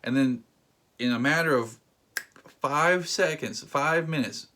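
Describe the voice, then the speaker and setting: A man's voice: medium pitch, slow pace, sharp tone. Exasperated man ranting about a movie. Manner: exasperated, incredulous, emphatic outbursts. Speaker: movie reviewer. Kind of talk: ranting commentary.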